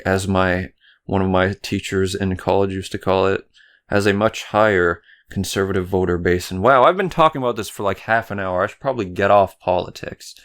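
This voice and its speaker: A man's voice: low-pitched, steady tone, normal speed, a bit bright, clean tone. A young man from Canada hosting a solo podcast, rambling through political commentary, swearing and stumbling over his words. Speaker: podcast host.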